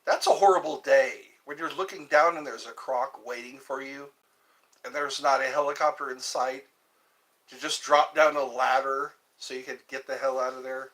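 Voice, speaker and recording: A man's voice: mid-range voice, steady tone, moderate pace, a bit bright. A man hosting a livestream, chatting casually and jokingly in a rambling way. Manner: jokey, laughs often, breaks into song snippets. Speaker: livestream host.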